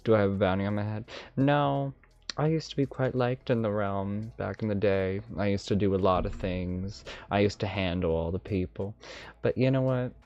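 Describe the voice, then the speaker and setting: A man's voice: fairly low pitch, moderate pace, natural voice. A man voicing an ancient, mischievous male dragon mage with a lisp and a put-on dragonish accent, rambling playfully on a live stream. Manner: rambling, playful, self-amused asides. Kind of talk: in-character live stream chat. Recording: slightly dull stream audio, faint music.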